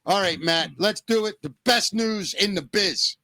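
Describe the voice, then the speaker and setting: A man's voice: high-pitched, measured pace, pushed and bright, no room sound. A man co-hosting a podcast, talking in a casual, emotional way and swearing freely. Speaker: podcast co-host. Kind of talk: casual chat.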